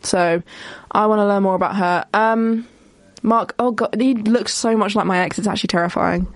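A young woman hosting a casual solo podcast, chatty and rambling with quick asides and frequent self-interruptions. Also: mid-range voice, steady tone, no room sound. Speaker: podcast host.

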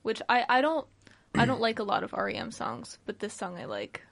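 A woman's voice: a little high, very animated, fairly quick, creaky, a bit bright. A young woman guest chatting playfully on student radio, teasing, with many likes. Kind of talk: casual radio chat.

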